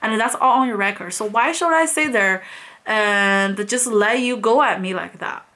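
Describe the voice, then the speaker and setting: Young woman vlogger, bright, tense voice, exasperated casual rant. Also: a little high, moderate pace. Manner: exasperated, repeats "like" and "honestly" often. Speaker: beauty vlogger. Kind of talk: casual ranting storytime.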